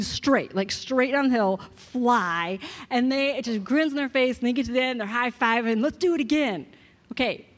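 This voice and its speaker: A woman, giving a church message in a soft-spoken, self-deprecating way with hesitant restarts. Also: a little high. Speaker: guest speaker. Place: church sanctuary. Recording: long reverb of a hall.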